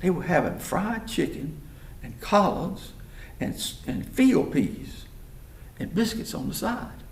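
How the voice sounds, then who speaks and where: A man telling a story in a folksy, animated way. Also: high voice, slow, creaky. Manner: animated, folksy, acts out voices. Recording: roomy hall, mic far off.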